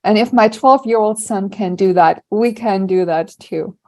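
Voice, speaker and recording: A middle-aged woman coaching on anxiety, speaking in a lively, humorous way on a podcast. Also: medium pitch, normal speed. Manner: lively, humorous, laughs while telling stories. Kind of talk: casual podcast conversation.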